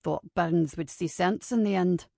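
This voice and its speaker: Woman doing a low, teasing big man. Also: unhurried, creaky, mellow, slightly rough, dry recording, clean studio sound, full character voice. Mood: wry. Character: big teasing human man, amused and dry.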